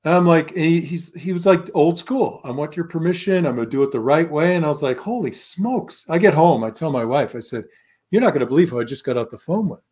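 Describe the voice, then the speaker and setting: A man's voice: on the high side, fairly quick, a little mellow, husky. A man in his fifties, a former pro football lineman, telling stories as a guest in a casual interview, acting out quoted voices and laughing often.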